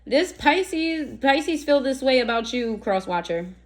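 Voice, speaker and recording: Woman tarot reader, casual and profane, slightly high voice, fires rhetorical questions at the listener. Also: slow pace. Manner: blunt, profane, slangy and animated; talks straight to the listener, asking rhetorical questions.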